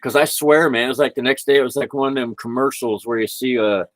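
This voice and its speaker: This vlogger is a fast talker with a mid-range voice, chatting about spirituality into his computer at home during a casual livestream. Rambling, easygoing and quick to laugh, he comes through a rough recording with no room sound.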